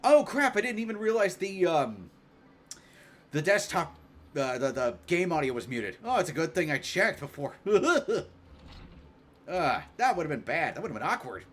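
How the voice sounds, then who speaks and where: A man streaming a game live, chatting casually, joking, thinking out loud with lots of fillers, and reading game dialogue aloud. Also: a little high, sing-song, moderate pace.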